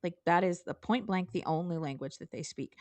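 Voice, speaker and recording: A woman's voice: on the low side, brisk, a little mellow, no echo. A woman co-hosting a podcast, talking earnestly and emphatically in casual political discussion. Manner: earnest, emphatic, pleading at times. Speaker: podcast co-host.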